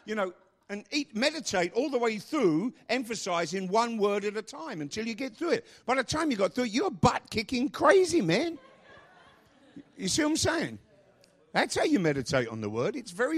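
A male pastor preaching a sermon, emphatic and repeating phrases, with rambling asides. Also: high voice.

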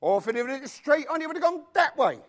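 A man preaching a sermon, emphatic and animated, throwing rhetorical questions at his congregation. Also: very high-pitched, fast talker.

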